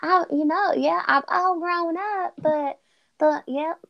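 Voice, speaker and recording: A woman imitating her grown cousin, who has a squeaky, high, sing-song voice. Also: slow pace, vocal fry, dull audio, exaggerated voice. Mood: insistent.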